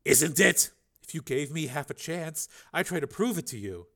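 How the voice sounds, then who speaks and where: A man's voice: a little high, expressive, moderate pace, vocal fry, bright, forceful tone, pitched above the performer's own voice, exaggerated voice. A man reading an audiobook, voicing a brash, ambitious young female TV reporter in a lightly raised voice. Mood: eager.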